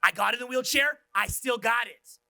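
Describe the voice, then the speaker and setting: A man in his forties giving a profane, intense motivational seminar talk as a dating coach, swinging from whispers to shouts. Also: very high voice, moderate pace, vocal fry, no room sound, studio quality. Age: 40s.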